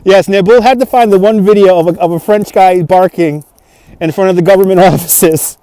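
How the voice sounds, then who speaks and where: Strolling outdoors through a snowy park, this male streamer talks casually and responds to viewers, his phone mounted on a handheld gimbal. He speaks briskly in a high, mellow, smooth voice with no room sound.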